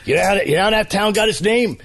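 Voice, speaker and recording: A man's voice: high-pitched, fast talker, creaky, fairly bright tone, voice pushed up, heavily acted. A man playing a blustery, joking camp sergeant with a New Jersey accent in a comedy radio bit. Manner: jokey, blustery storyteller.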